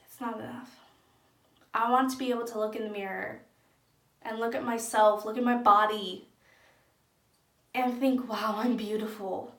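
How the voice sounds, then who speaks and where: A woman's voice: on the high side, fairly even intonation, normal speed, pauses often. A young woman talking openly and earnestly to camera in a personal vlog. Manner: earnest, open and soft-spoken. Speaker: vlogger. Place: echoey room at home. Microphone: camera in front of speaker. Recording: echoey room.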